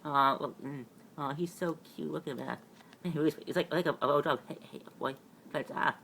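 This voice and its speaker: A man doing a shrill panicky mutant girl. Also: brisk, gravelly, pushed and bright, a little hiss or hum. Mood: fond. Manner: high, breathless pleading, stammering.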